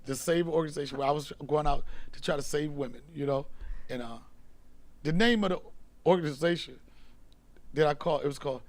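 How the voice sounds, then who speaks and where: A man with a slightly high, gravelly voice tells comic stories on his podcast. He is animated, going loud and then hushed as he acts out the scene, all in loose casual chat. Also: fairly quick, pauses often. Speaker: comedian host telling stories.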